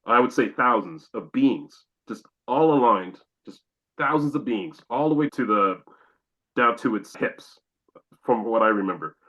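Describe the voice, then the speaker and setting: A man's voice: mid-range voice, lively intonation, a little slow, lo-fi sound. A man from Canada, a podcast guest, telling a long personal story and acting out his own exclamations.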